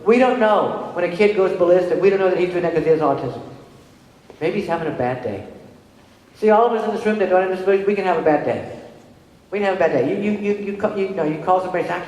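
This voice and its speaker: A middle-aged woman and parent giving a conference presentation to an audience, telling stories conversationally and checking in with the room. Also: lowish voice. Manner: animated storytelling with quick restarts. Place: large hall with an audience. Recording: very echoey hall with long reverb.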